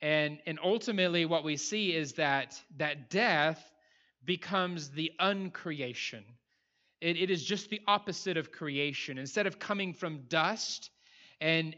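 A man's voice: fairly high pitch, sharp tone, muffled recording. A man preaching a sermon in a conversational way, often restarting his phrases. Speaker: pastor.

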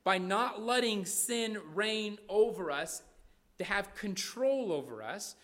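A man's voice: high voice, a bit bright. A man preaching a sermon, emphatic, often checking in with "right?" and repeating his points. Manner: repeats phrases and restarts words.

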